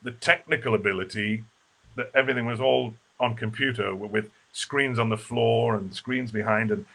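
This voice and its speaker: A man in a relaxed live video interview, talking as a stage actor guest. His voice is bright and forward at a middling pitch, and he rambles along with plenty of "you know"s and restarts. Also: moderate pace, vocal fry. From Wales. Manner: chatty and rambling, many fillers and restarts.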